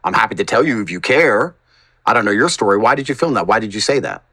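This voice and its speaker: A man chatting as a podcast guest, blunt and emphatic, who swears now and then. His voice is bright and forceful, his pitch rises and falls a lot, and the sound is dry with no room echo. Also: expressive, fast, husky. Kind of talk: casual storytelling chat.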